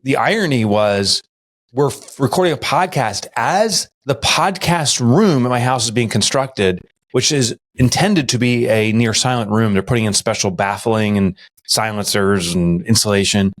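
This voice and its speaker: A man co-hosting a podcast, telling stories in casual chat and mimicking others in a high voice. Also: moderate pace. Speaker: podcast co-host.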